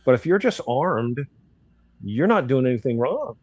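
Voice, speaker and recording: Older man, outspoken storyteller, mid-pitched voice, dry dull lo-fi sound. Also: sing-song, moderate pace, darkish tone, breathy edge, no echo. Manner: blunt, outspoken, acts out dialogue in quotes. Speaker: guest commentator. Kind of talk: casual storytelling.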